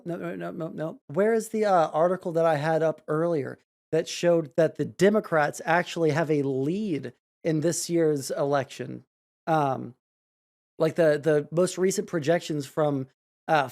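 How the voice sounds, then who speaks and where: A streamer reacting to news clips live, sarcastic and prone to loud, swearing outbursts. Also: mid-range voice.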